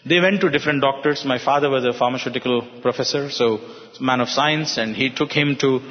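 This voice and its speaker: A man from Hyderabad, earnestly telling a personal story to an audience, halting with fillers. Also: medium pitch. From Hyderabad, India. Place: hall with an audience. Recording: reverberant hall, dull sound.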